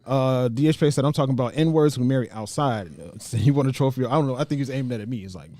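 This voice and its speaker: Male podcast host, easygoing, hesitant, mellow dark voice, dry close sound. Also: medium pitch, fast, no echo. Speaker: podcast host reading viewer comments. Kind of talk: casual chat.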